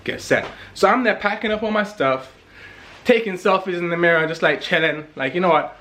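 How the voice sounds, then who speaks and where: A young man from England, telling a story in a casual vlog in an animated, emphatic way, repeating lines for effect. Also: sits high, fairly quick.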